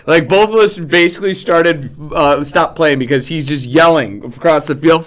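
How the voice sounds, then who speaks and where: A man who used to play soccer, co-hosting a casual talk show and telling stories in an animated way. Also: medium pitch, moderate pace, hardly any pauses, crowd noise. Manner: animated storyteller, laughs through stories. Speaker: co-host and former player. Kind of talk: casual sports chat.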